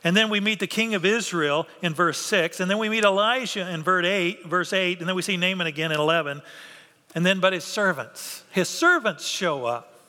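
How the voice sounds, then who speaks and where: Pastor, male, bright and high-voiced, animated sermon delivery in a reverberant sanctuary. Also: moderate pace. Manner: animated, acts out biblical characters' voices. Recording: long hall reverb.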